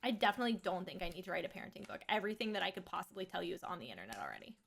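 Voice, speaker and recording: A woman's voice: on the low side, big pitch swings, racing, gravelly, a bit bright, breathy edge. A woman in her thirties chatting casually on a livestream, rambling frankly about raising her son and swearing freely. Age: 30s. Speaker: streamer and mother.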